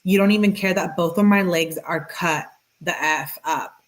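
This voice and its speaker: A woman's voice: fairly low pitch, moderate pace. A woman reading text messages aloud and reacting to them in a casual, slangy way with sarcastic asides. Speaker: true-crime commentator.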